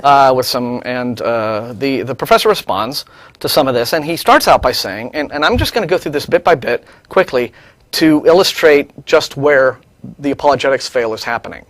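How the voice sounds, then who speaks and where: A man co-hosting a studio talk show, animated and mocking as he reads out and takes apart an email. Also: medium pitch, normal speed, dry recording. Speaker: co-host.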